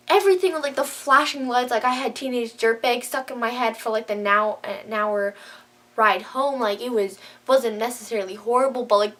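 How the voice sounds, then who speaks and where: Gushing woman vlogger, fairly high voice. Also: a bit bright. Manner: gushing, says "like" a lot. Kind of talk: casual chat to camera.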